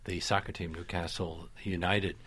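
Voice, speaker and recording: A low-voiced man hosts an interview. He asks curious questions in a relaxed, conversational way, often pausing with small fillers. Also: breathy edge. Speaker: interview host.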